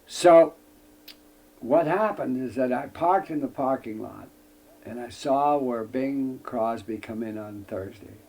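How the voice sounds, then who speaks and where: A man's voice: mid-range voice, slow pace, gravelly, darkish tone. An older man from the United States, a guest in an interview telling a long anecdote in folksy wording with frequent "I says" and acting out other people's lines. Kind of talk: storytelling anecdote.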